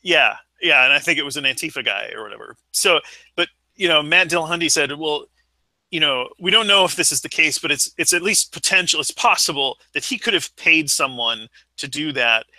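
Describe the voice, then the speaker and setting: Bright, halting man telling a story. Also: a little high, animated, no echo, rough recording. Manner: rambling, halting storytelling with many restarts. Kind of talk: casual chat.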